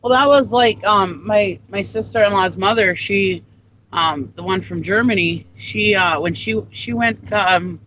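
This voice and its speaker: A man chatting on a live morning show, his voice sitting high and sounding bright and forward. He rambles, circling back with fillers and false starts as he tells a story. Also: a little slow, slight background noise, low-quality recording. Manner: rambling, many ums and restarts. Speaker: co-host. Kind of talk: casual chat.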